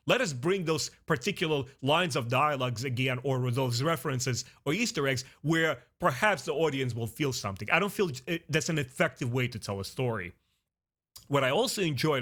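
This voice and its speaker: A man with a mid-range voice gives a casual spoken review to camera. He is earnest and expressive and keeps talking directly to his viewers. His speech is loose, full of "uh" and quick restarts. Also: medium pitch. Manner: earnest and expressive, talks straight to viewers as "guys"; frequent "uh" fillers and restarts. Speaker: film and TV reviewer.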